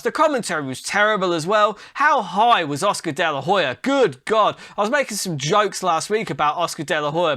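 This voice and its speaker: High, bright-voiced comic ranting. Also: male voice. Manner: sarcastic, sweary, ranting. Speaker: comedy podcast host. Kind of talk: comedic news rant.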